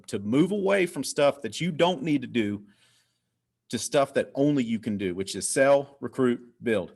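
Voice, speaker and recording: A man hosting a team video call, energetic and repeating his points. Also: medium pitch. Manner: energetic, repetitive, hyped. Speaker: host.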